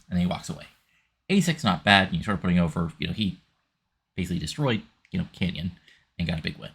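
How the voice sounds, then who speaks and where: A man's voice: sits low, lively intonation, quick pace, gravelly, pauses often, a bit bright, breathy edge. A man casually narrating a wrestling sim game, rambling with lots of fillers.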